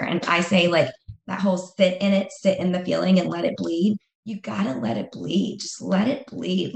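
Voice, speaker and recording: A woman's voice: fairly low pitch, creaky, a little mellow, roomy sound. A woman speaking as an interview guest in a candid conversation, emphatic and repeating phrases for effect.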